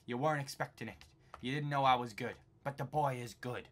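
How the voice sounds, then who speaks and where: A young man from England, a gaming YouTuber, jokes and gets excited while playing, chatting to himself and bursting into sudden yells, in a brisk, medium-pitched voice.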